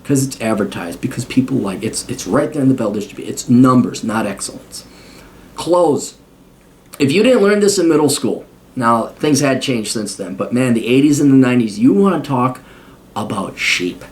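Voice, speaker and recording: A man's voice: medium pitch, animated, normal speed. A man in his forties giving a blunt, profane, opinionated casual monologue. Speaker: host.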